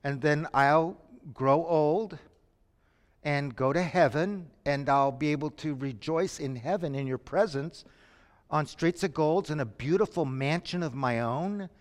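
A man preaching a sermon, moving between quiet lines and sudden shouts. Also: on the high side. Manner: dramatic, shifts from quiet to shouting. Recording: long reverb from a hall.

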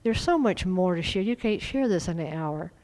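Woman, preacher, sermon, fervent, emphatic, loud exhortation. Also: on the low side, lively intonation, normal speed, poor audio.

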